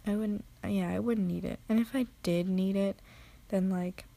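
Late at night, a tired woman rambles through a recorded audio answer, slipping into half-whispers, poking fun at herself and swearing casually. An amateur audio creator, she has a mid-range, dark voice with vocal fry, a steady tone and a moderate pace.

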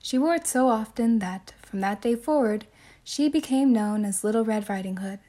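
A woman telling a classic fairy tale as a soothing bedtime story, with gentle, measured narration. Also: on the high side, animated.

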